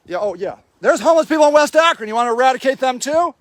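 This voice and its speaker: Brief: high-voiced angry man, dry close phone mic, yelling accusations at officials. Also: animated, racing, dry recording. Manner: shouting, furious, accusatory. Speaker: homeless advocate livestreaming. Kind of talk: angry confrontational livestream. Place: outdoor homeless camp in snow.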